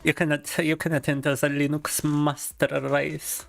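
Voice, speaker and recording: A young streamer, Russian by first language, speaks at normal speed in a high-leaning, creaky voice with a completely flat delivery. Chatting live over faint game music, he rambles in a mock-tragic, exaggerated way and alternates between two languages.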